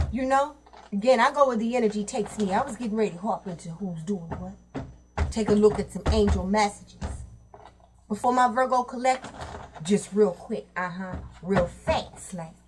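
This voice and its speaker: A woman gives her viewers a casual tarot reading, speaking bluntly in streetwise slang and cursing freely. Her voice sits at medium pitch, with a little background noise.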